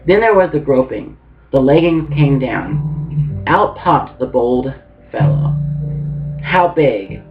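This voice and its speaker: A man's voice: mid-range voice, expressive, slow pace. Male reader over muffled guitar music. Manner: casual reading with small restarts and asides. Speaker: book reader. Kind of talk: audiobook reading.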